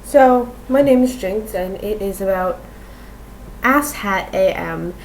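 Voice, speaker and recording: A woman's voice: medium pitch, animated, slow, slight background noise, poor audio. A woman rambling casually in a home vlog, swearing and laughing easily as she talks. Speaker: vlogger. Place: room at home.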